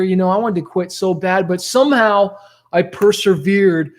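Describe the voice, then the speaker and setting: Speaking at a normal speed in a high voice, the rap rock musician addresses the camera with motivational stories from his life. His delivery is lively and conversational, full of "like" and "okay?"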